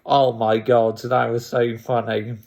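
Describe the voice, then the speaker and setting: A man's voice: mid-range voice, little pitch movement, slow, darkish tone. A man, a YouTuber casually retelling stories and laughing often as he talks. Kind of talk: casual storytelling recap.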